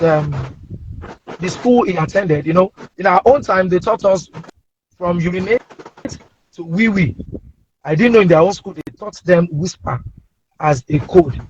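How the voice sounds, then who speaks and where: A man with a Nigerian accent, a comedian telling playful anecdotes in an animated way, speaking from inside a car. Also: sits high, moderate pace, pauses often, a little hiss or hum. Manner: animated, playful, acts out voices. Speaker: comedian guest. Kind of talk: casual anecdotal storytelling. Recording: dull lo-fi remote audio.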